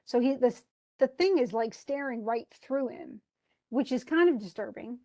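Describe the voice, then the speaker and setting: A slightly high, somewhat mellow voice with lively intonation belongs to an English literature instructor explaining a poem at a moderate pace. She talks chattily, restarting often and paraphrasing in a relaxed way.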